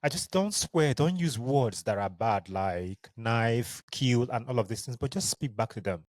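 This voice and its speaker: Nigerian guy doing a solo podcast, earnest and heartfelt, speaks tenderly to listeners, mid pitch, dry sound. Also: expressive, measured pace, darkish tone, dry recording. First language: Igbo. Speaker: podcast host.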